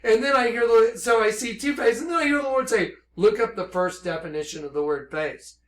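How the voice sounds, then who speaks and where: A man acting as a self-styled minister, giving an impassioned religious monologue that swings between hushed tones and shouting. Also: very high-pitched, fairly quick, roomy sound.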